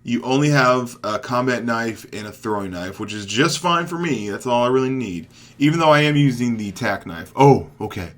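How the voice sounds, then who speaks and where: Young male gaming commentator, casual and excitable, swings between low asides and sudden loud hype. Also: moderate pace.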